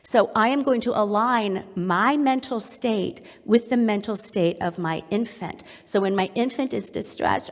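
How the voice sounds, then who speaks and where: A middle-aged woman with a slightly high voice teaches a webinar as a psychologist. She is demonstrative and slips into gentle, cooing baby talk to show how parents soothe an infant. Her voice carries a long reverb, as if recorded in a large hall. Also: expressive, measured pace, few pauses. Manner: demonstrative, acts out soothing a baby in soft tones. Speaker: psychologist presenter. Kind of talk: webinar lecture.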